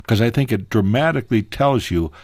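A man telling a personal story as a guest on a radio talk show, animated, his voice leaping higher at emotional moments. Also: fairly quick, breathy edge, no echo, clean studio sound. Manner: animated, pitch jumping high in emotional moments.

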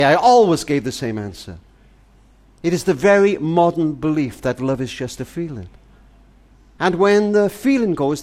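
An older man giving a tender, earnest, grandfatherly monologue, speaking as if to his granddaughter. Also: high-pitched. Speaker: family charity speaker. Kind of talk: heartfelt spoken monologue to a granddaughter.

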